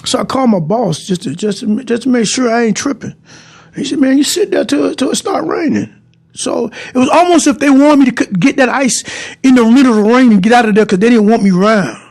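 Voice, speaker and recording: A man's voice: very high-pitched, quick pace, darkish tone. A man telling viewers a personal story, rambling and repeating himself as he speaks to them directly. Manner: rambling and repetitive, restarting phrases and addressing the audience directly.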